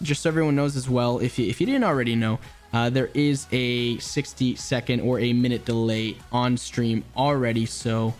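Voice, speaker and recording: A man's voice: medium pitch, darkish tone. A man casually commentating a mobile esports tournament, chatty and rambling, often restarting his sentences. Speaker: esports caster.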